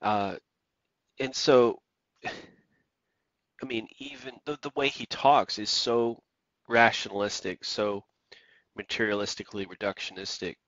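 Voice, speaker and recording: A man's voice: on the low side, fairly even intonation, takes it slowly, long pauses, a bit bright, dry recording, muffled recording. A man preaching an emphatic sermon, repeating his points and reading scripture aloud.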